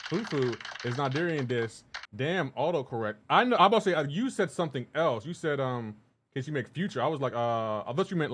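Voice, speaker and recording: Chatty male streamer reading chat. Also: medium pitch. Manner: greets viewers by name, upbeat, laughs often. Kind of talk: casual live-stream chat.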